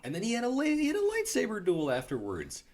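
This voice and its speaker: A young adult man co-hosting a podcast, chatting casually and telling animated stories about a film, with laughs and swearing. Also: sits high, fast talker. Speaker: podcast co-host. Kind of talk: casual movie review chat.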